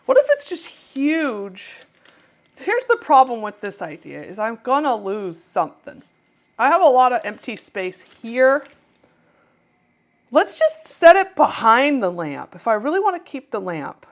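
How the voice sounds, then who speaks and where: A woman painter chats casually with viewers while she works, her voice a little high. She's talkative and self-mocking, often laughing at herself.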